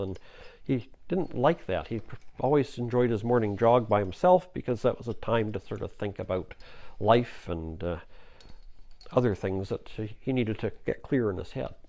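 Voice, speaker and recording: Man, gravelly voice, casual storytelling, folksy and rambling, fillers. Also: lowish voice, a little mellow.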